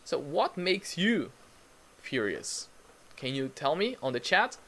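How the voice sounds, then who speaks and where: A man leads a live online English lesson, speaking slowly and patiently. His pitch moves a lot as he repeats new words for learners and greets viewers in the chat by name. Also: sing-song, a bit bright. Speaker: English teacher.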